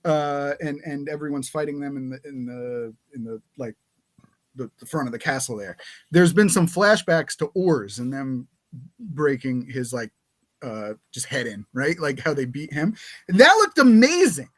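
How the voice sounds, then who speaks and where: A man's voice: medium pitch, lively intonation, moderate pace. A man co-hosting a podcast, speaking about anime with eager, emphatic enthusiasm. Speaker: podcast co-host working on the anime. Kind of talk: casual chat about anime.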